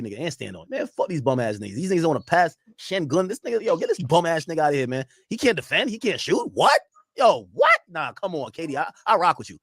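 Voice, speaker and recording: In a clean studio recording with no room sound, a young man with a slightly high voice reacts casually on stream, rambling, cursing freely, and joking animatedly with his chat.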